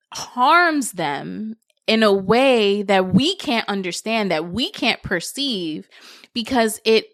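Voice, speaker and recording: A young adult woman hosting a solo podcast, thinking out loud in a conversational, reflective way with lots of casual fillers. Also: medium pitch, no echo, clean studio sound. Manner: reflective, conversational, many "you know" fillers. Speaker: podcast host.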